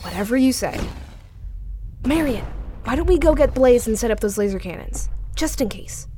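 A woman's voice: a little high, expressive, moderate pace, natural voice. A woman voicing a kind, helpful young heroine who keeps offering to help. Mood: encouraging. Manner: earnest, encouraging. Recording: noisy background.

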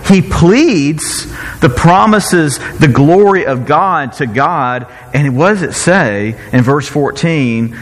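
A man preaching a sermon in an animated, playful way, often breaking off and restarting his sentences. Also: mid-range voice, slow, in a large hall, low-quality recording. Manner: animated, self-interrupting, playful asides. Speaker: pastor.

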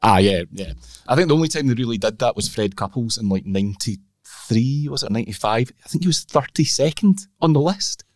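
A man's voice: mid-range voice, expressive, a little fast, darkish tone, no echo, studio quality. A man co-hosting a golf podcast, wry and teasing, steering the talk from one topic to the next. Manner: wry, teasing, leads the segments. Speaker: podcast co-host. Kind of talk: casual golf chat.

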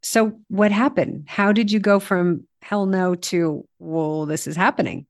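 A woman's voice: mid-range voice, unhurried. Woman host asking probing questions. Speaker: podcast host. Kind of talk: interviewing.

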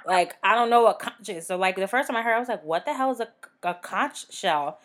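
A woman with a Southern US accent co-hosting a casual chat podcast, laughing often and acting out quick asides. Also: on the high side. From American South. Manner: laughs often, animated, drifts into voiced asides. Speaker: podcast co-host.

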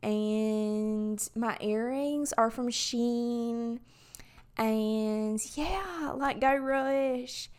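A woman voicing an exaggerated Southern sorority girl with a heavy Southern US accent, in a slow, drawn-out drawl. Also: on the high side, a little mellow, clear, resonant tone. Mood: breezy.

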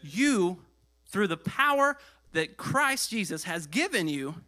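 A pastor preaching a sermon in an animated way, swinging between loud passages and hushed asides, and getting out of breath. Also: male voice, sits high, takes it slowly.

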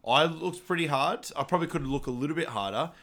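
A man co-hosting a podcast, casually recapping a film, laughing often and loudly acting out quotes. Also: on the high side, fast. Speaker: podcast co-host.

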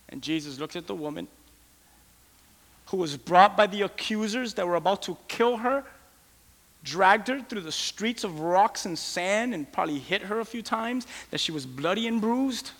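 Impassioned preacher in a reverberant hall. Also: male voice, high-pitched, a little slow, long pauses. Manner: impassioned, rising to near-shouted pleas. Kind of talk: sermon.

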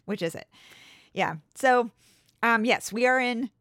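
A woman's voice: a little high, measured pace, fairly bright tone, no echo, studio quality. A woman co-hosting a podcast in casual chat. She giggles often and sounds unsure about how to pronounce place names. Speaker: podcast co-host.

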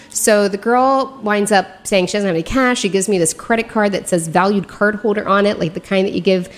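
A woman, a makeup artist and podcast guest, telling a story in a lively, casual way. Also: medium pitch, a little fast, hardly any pauses. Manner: animated, acts out quoted dialogue.

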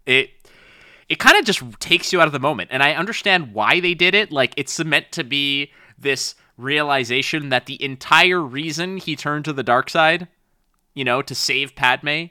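Animated man, bright crisp voice. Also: fairly high pitch, moderate pace, dry recording, clean studio sound. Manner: animated storytelling, acts out quotes. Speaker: podcast co-host. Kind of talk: casual chat.

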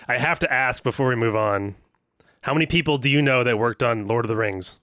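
A man's voice: medium pitch, brisk, a bit bright, no room sound, clean studio sound. A man hosting a podcast, chatting casually and giving background on films in an upbeat way that steers the talk. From United States. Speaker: podcast host. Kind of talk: casual chat and film background.

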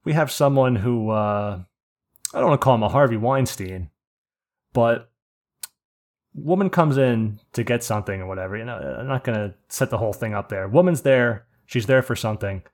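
A man's voice: mid-range voice, normal speed. A man, co-hosting a casual podcast, telling stories animatedly and swearing a lot as he gets worked up. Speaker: podcast co-host.

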